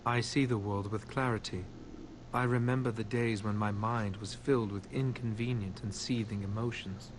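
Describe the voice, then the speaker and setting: Guy voicing a detached monotone mage shopkeeper, game dialogue, steady ambient hum behind. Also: fairly low pitch, normal speed, lightly acted. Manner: flat, detached, formal. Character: emotionless Tranquil male mage storekeeper.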